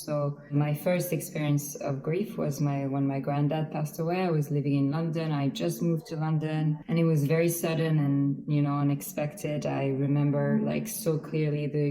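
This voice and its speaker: A woman from France, sharing personal stories in a panel chat in an earnest, halting way. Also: deep voice, dark tone. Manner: earnest, halting, many restarts and fillers. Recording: roomy echo.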